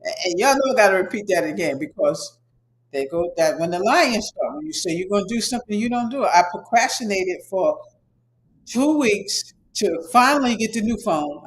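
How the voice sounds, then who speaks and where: Instructor, male, high-pitched, casual and repetitive, a touch of faint background noise. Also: a bit bright, rough recording. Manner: rambling, repetitive, emphatic pep talk; casual, conversational. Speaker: online course instructor. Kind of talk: motivational talk to students.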